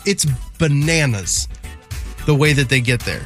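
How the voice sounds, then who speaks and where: A man with a mid-range voice co-hosts a morning radio show in loose, casual banter. He tells stories with animated energy and acts out what other people said. Faint music sits in the background. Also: medium pitch, a little slow. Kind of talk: casual chat.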